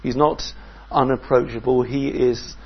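Slow, husky-voiced male preacher. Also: medium pitch, fairly even intonation, lo-fi sound. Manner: measured, reflective, asks the listeners questions. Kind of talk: sermon.

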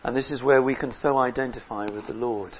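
A man preaching a sermon in an earnest way, rising loud on key words and dropping low between them. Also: fairly even intonation, brisk, muffled recording, slight background noise.

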